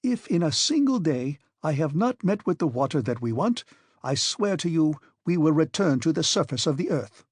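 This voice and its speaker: A man voicing a stern, obstinate old professor explorer in an audiobook, speaking forcefully and commandingly. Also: fairly high pitch, big pitch swings, normal speed, slightly rough, no echo, clean studio sound. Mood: persuasive. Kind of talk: audiobook character reading.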